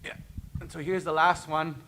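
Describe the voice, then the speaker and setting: A man's voice: on the high side, level tone, moderate pace, pushed and bright, a little hiss or hum. A man with a Dakota community accent teaching a language and culture class, explaining words one at a time and acting out little quotes as he goes. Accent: Dakota community English.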